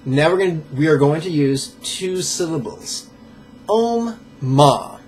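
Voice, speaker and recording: A man leading a pronunciation drill as a meditation teacher, playful and joking, sounding out syllables slowly and carefully. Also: fairly high pitch, lively intonation, darkish tone, slight background noise. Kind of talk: pronunciation drill in a live lesson.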